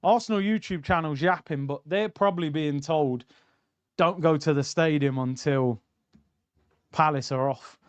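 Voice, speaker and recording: A young man hosts a football watchalong, chatting and joking with his viewers. His voice sits a little high and sounds smooth and clear. The sound is dry and close to the mic. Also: measured pace, dry recording, dull audio. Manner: banter, reacting and reading out chat. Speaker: streamer hosting a football watchalong. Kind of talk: casual live-stream chat.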